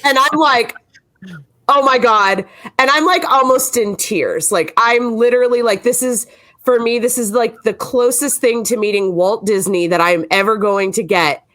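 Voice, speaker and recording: A woman's voice: on the high side, moderate pace. A woman on a podcast, eagerly telling a story and filling her talk with "like". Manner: excitable, gushing, many "like"s. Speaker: team member.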